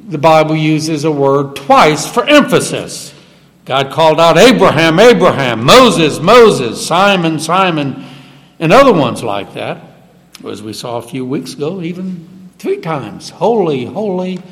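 A man preaches with a somewhat high voice that swings widely in pitch, leaning hard into every quoted verse. He is heard in a church sanctuary, and his voice trails off in a long reverb. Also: a bit bright. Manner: emphatic, rising sharply on quoted verses. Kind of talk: sermon.

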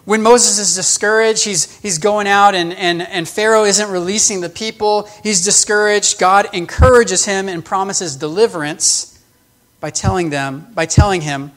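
A man's voice: high voice, fairly even intonation, moderate pace, fairly bright tone. A man preaching a sermon, explaining the text in an earnest, emphatic way with frequent restarts. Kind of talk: sermon teaching.

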